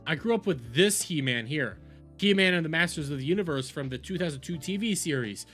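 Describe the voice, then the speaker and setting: A man's voice: a little high, animated, fairly quick, a bit bright, faint music behind. A young adult man giving profane, rambling reaction commentary as a video host.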